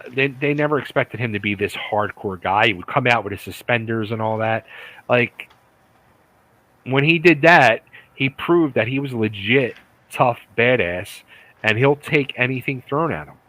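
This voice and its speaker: A middle-aged man, a retired wrestler, telling excitable, profane stories as a guest in a casual interview. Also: mid-range voice, moderate pace, no room sound, low-quality recording. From United States.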